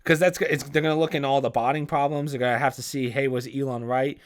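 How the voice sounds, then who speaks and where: A man's voice: medium pitch, steady tone, fast talker. A young man hosting a casual solo podcast, rambling and cursing, often restarting sentences and searching for words. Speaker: podcast host.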